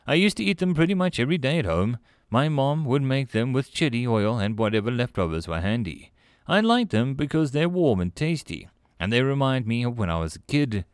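A man's voice: medium pitch, very animated, fairly quick, smooth, dry recording, studio quality, close to an everyday voice. A man voicing a wry, skeptical young woman in a sci-fi storybook reading, talking in a sardonic, incredulous way. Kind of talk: audiobook character voice.

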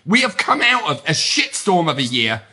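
A middle-aged British man speaks in a high, bright, ringing voice. He hosts a podcast and talks with energy and strong emphasis. His tone stays upbeat. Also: very animated, moderate pace. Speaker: podcast host. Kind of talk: motivational podcast monologue.

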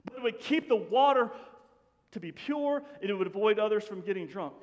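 A man preaching a sermon to his congregation in an animated, conversational way, often dropping to a hush. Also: sits high, a little fast, highs cut off. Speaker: pastor. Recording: long hall reverb.

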